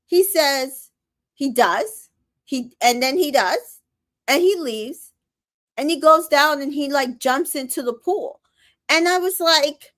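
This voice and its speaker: Slow-talking sassy woman recap host. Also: sits high. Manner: animated, sassy and opinionated, reads out comments. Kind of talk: casual recap chat reading viewer comments.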